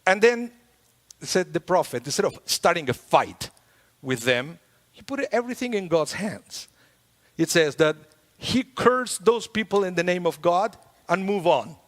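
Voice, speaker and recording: Man, rabbi, sermon, a bit high voice, conversational and playful, long reverb of a big sanctuary. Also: unhurried. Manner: conversational, lively, with playful humor. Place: synagogue sanctuary.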